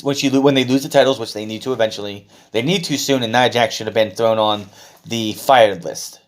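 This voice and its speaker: A man's voice: mid-range voice, fairly bright tone. A man recapping a show in a casual, blunt and sarcastic way, with swearing and filler words. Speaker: wrestling show reviewer.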